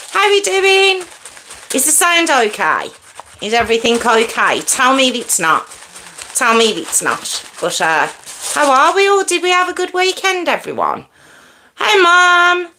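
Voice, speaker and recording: Bright, chatty woman host. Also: high voice, slight background noise. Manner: chatty, lively greetings to viewers. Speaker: live-stream host. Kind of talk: casual chat with live viewers. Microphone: earpiece in.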